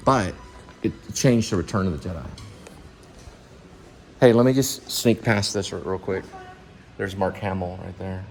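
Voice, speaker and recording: A man's voice: deep voice, fairly even intonation, moderate pace, pauses often, slight background noise. A man vlogging casually as he walks through a shopping mall, rambling and thinking aloud. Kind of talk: casual walking vlog.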